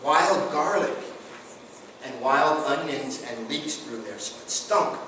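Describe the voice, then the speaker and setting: A man's voice: fairly high pitch, expressive, slow. A man presenting to a live group, telling traditional stories in a folksy, interactive way and asking the audience questions. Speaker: guest presenter on tribal culture. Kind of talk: storytelling talk to a group. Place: large echoey room with an audience. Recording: echoey, noisy room from far off.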